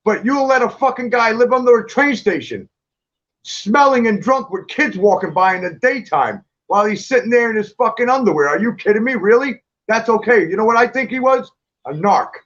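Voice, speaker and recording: A man's voice: high-pitched, expressive, fairly quick, a bit bright, lo-fi sound. A man talking as a guest in a casual chat, telling stories bluntly and with plenty of swearing. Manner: blunt, profane storytelling. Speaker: guest, clothing designer.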